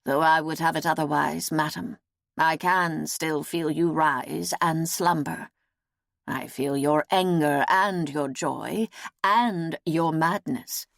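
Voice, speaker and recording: A woman reading an audiobook, voicing a weary old woman seer who speaks slowly and gravely. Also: low voice, no echo, clean studio sound, heavily acted. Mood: solemn. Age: older. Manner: slow, solemn, measured.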